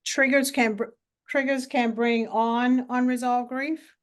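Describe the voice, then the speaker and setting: A woman presenting a talk on grief in an online webinar, speaking in a measured way with many filler sounds. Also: fairly high pitch, fairly even intonation.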